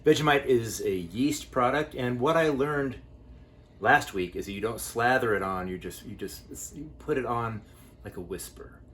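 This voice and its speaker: A man's voice: medium pitch, normal speed, a bit bright, a little hiss or hum. A man co-hosting a cooking show, chatting casually and cracking rambling, playful jokes as he works.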